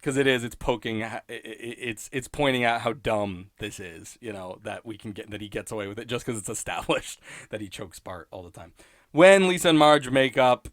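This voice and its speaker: A man's voice: mid-range voice, moderate pace, dry recording, clean studio sound. A man hosting a solo podcast, talking through a cartoon episode in rambling, wry commentary and often cutting himself off. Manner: rambling, self-interrupting, wry, laughs at own points. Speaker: podcast host reviewing episodes.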